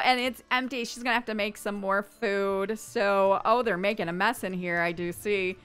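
A woman's voice: mid-range voice, a little slow, few pauses, fairly bright tone, clear, resonant tone, faint music behind. A woman giving casual, chatty commentary while playing a life-simulation game, narrating her characters and now and then voicing them playfully. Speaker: gaming YouTuber.

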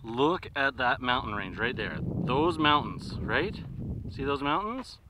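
A man's voice: mid-range voice, animated, slow. A man narrating a family hike outdoors, chatty and encouraging toward his kids. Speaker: parent vlogger hiking with kids. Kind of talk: casual family vlog narration. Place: outdoors on a desert trail. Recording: clear wind and outdoor noise. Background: wind and outdoor noise.

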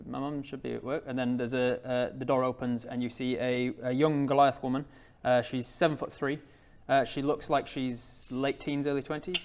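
A man narrating a tabletop game as game master, describing scenes with many pauses. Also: mid-range voice, level tone, darkish tone.

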